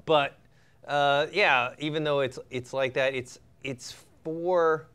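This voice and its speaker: A man's voice: fairly high pitch, steady tone, slow, a bit bright, clean tone. A man chatting casually in a film review, rambling with many fillers and restarts.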